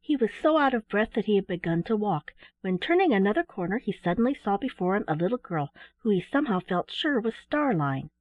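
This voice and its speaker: A woman narrating a children's bedtime story in a gentle, expressive reading voice. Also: mid-range voice, fairly quick, hardly any pauses. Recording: dry, phone-like narrow sound.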